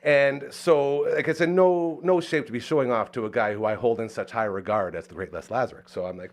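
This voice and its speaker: A man from Saskatchewan hosts a podcast and tells a story in relaxed, casual chat. He jumps into a high, excited voice when he acts out what people said. His pitch sits in the middle range for a man. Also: quick pace, few pauses. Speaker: podcast host.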